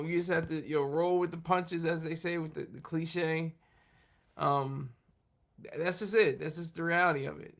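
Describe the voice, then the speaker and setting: A man's voice: high voice, sharp tone. A man hosting a casual livestream chat, rambling through restarts and asides as he answers viewers. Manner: rambling, halting, with many restarts and laughs. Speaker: livestream host talking with viewers.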